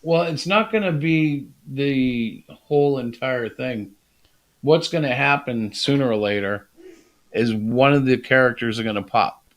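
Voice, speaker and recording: A man's voice: mid-range voice, unhurried. A man hosting a casual podcast, talking in a chatty, reflective way and laughing often. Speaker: podcast host and comic creator.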